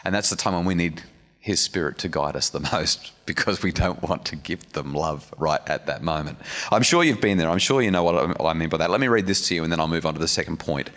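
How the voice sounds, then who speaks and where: A man's voice: low voice, fast talker, a bit bright. A man preaching a sermon in a church hall, earnest and conversational, with restarts and asides to the audience. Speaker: speaker giving a church message. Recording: long reverb of a hall.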